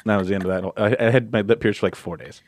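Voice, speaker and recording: A man telling stories in a casual podcast chat, animated, jumping into high voices for quoted lines. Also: very fast, no room sound. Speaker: podcast guest.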